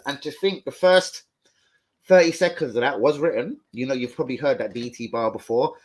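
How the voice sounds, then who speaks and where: A young man hosting a casual live stream, full of slang, swearing and excited banter. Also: mid-range voice, a little fast, slightly rough. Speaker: livestream host.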